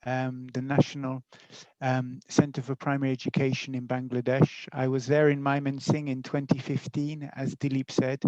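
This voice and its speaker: Teacher educator, male, steady friendly webinar delivery; dry, slightly dull call audio. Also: mid-range voice, dry recording. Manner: friendly, measured lecturing with fillers. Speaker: guest speaker, teacher educator. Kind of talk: webinar talk. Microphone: video call.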